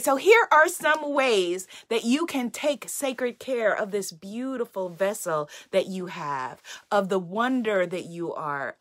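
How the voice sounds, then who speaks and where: A woman's voice: high-pitched, bright, forceful tone. A woman hosting a live-streamed inspirational self-care talk from home, affirming and repeating her key phrases in an uplifting way.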